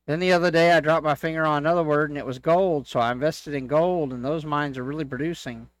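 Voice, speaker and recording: A man reading church jokes aloud as a co-host, in a steady storytelling delivery. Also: on the high side, fast talker, no echo.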